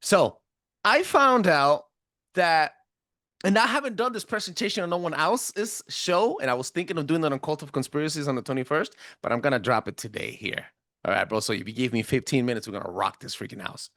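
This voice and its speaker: A man with a self-described thick accent, hosting a podcast and giving a casual presentation in an emphatic, animated way. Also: quick pace, no echo, studio quality. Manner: animated, emphatic, swinging pitch. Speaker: podcast host.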